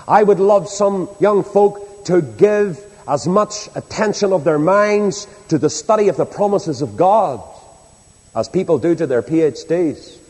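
A man preaching a sermon to a large congregation, swinging between loud exhortation and hushed appeal. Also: high voice, measured pace, husky. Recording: long hall reverb.

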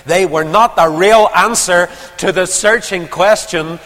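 A man preaching a sermon, telling a Bible story with dramatic swings from urgent emphasis to hushed, almost whispered lines. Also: sits high, measured pace, hardly any pauses, in a large hall.

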